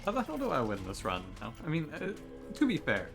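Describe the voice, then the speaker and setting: A man talks through a card game run in a relaxed, chatty way, with jokey, exasperated outbursts. His pitch swings widely from phrase to phrase. Game music plays clearly behind his voice. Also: a little fast. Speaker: gaming streamer. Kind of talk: casual gameplay commentary.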